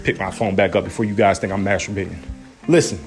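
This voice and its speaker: A young father, a sports fan vlogger, rants into his phone camera about his basketball team in a low voice, with faint music playing behind him. He's animated and incredulous, firing off rapid rhetorical questions in this casual phone-camera rant.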